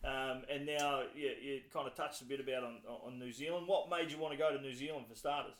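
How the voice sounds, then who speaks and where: A man's voice: medium pitch, steady tone, quick pace, a bit bright. Hesitant male interviewer in a roomy space. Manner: hesitant, casual questioning. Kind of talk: casual interview questions.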